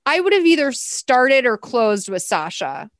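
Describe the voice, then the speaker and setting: A young woman recaps a movie in casual, sarcastic chat, her voice a touch high. The sound is dry and close. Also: sing-song, unhurried, no room sound. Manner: chatty, sarcastic, laughing. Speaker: podcast host recapping a movie.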